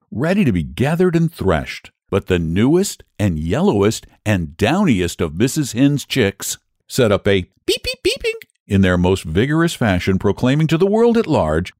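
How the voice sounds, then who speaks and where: A man narrating a children's storybook with a lively, sing-song delivery. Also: on the low side, no room sound, clean studio sound. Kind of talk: storybook reading.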